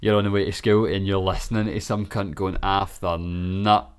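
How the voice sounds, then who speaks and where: Young Scottish guy, podcast guest, low voice, sweary and joking. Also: fairly even intonation, moderate pace, heavy background noise. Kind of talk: casual chat.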